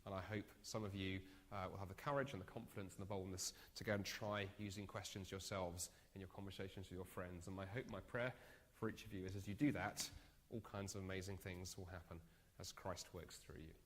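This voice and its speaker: A man giving an evangelism training talk, telling a story with lively, self-mocking humor. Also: low voice, fairly quick, a little hiss or hum. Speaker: speaker. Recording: echoey hall sound.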